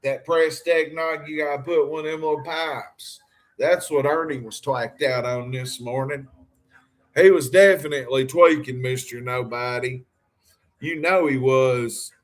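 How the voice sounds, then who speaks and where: A man rambling on a livestream, calling out to his viewers and joking. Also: mid-range voice. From Harlan County, Kentucky. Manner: rambling, addresses viewers directly, jokey. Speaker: livestream host. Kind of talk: rambling livestream talk to chat.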